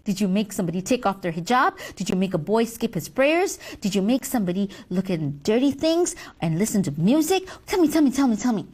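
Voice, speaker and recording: A woman's voice: mid-range voice, sing-song, a little fast, few pauses, a little mellow, slightly rough, voice pushed down. A woman playing a boastful, scheming devil boss in a comedy sketch, gloating and scornful, with theatrical whispers. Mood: eager.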